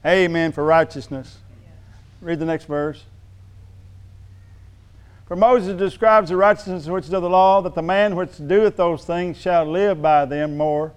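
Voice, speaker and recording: A man preaching a sermon in a church, joking with the congregation and building to emphatic, shouted lines. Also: high voice, fairly even intonation, unhurried, long pauses, clean tone.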